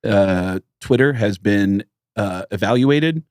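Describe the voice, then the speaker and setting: Middle-aged comedian guy hosting a podcast, super animated, very dry close sound. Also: slow pace, dry recording. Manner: animated, jumps into high quoted voices when retelling stories. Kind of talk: casual chat, storytelling.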